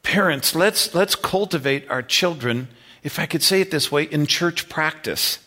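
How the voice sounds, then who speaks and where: Bright-voiced male pastor preaching. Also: on the high side, unhurried. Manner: conversational preaching, many repeats and "okay?" checks. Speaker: senior pastor. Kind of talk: sermon.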